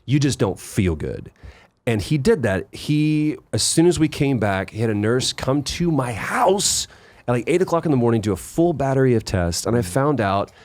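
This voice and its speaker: A man guest on a podcast, chatting casually as an animated storyteller who swears freely. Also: medium pitch, moderate pace, no echo. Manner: animated storyteller, acting out other people's lines, swears freely. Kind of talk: casual chat.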